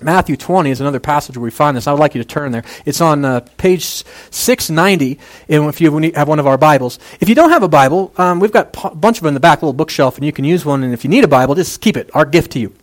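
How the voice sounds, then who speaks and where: A man's voice: a little high, animated, quick pace, hardly any pauses. A man preaching a casual, conversational sermon, making jokey asides and using plenty of fillers. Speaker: pastor.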